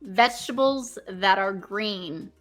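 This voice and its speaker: A woman co-hosting a casual podcast, excitable and full of fillers as she plays a quick-fire quiz game. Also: medium pitch, faint music behind. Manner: excitable, lots of fillers and hesitations. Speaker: co-host.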